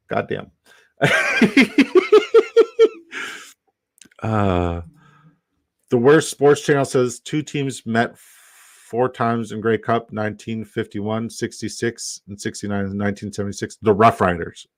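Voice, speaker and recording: Low-voiced canadian guy rambling on his stream, swears a lot, says stuff twice, dry close mic. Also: unhurried, dry recording. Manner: rambling, profane, repeats himself. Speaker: live-stream host. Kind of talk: casual live-stream chat.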